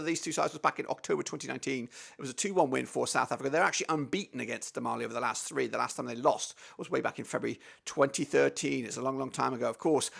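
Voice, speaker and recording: A man's voice: mid-range voice, vocal fry, bright, forceful tone. A man hosting a casual football match preview, chatty and upbeat, saying "of course" over and over. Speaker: football channel host.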